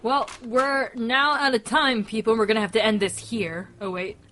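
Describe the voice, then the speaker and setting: A woman hosting a casual let's play, excitable and giggly, shouting at the game as she plays. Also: fairly high pitch, normal speed. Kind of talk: casual gameplay commentary. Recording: noisy game audio in background.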